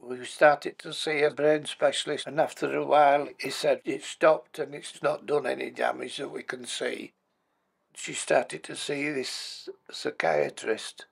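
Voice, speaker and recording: Man in his eighties, gravelly and plain-spoken, telling his own story. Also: medium pitch. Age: 80s. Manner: plain-spoken, matter-of-fact, blunt everyday words. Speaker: bereaved husband and former carer. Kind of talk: personal life story told for a documentary.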